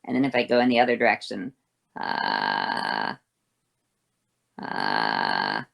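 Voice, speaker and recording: A woman voice teacher explaining vocal fold exercises, moving between a harsh, thick sound and a soft, thin one, over a voice call. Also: a bass voice, little pitch movement, rapid-fire. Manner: switches between harsh fry and soft breathy tones.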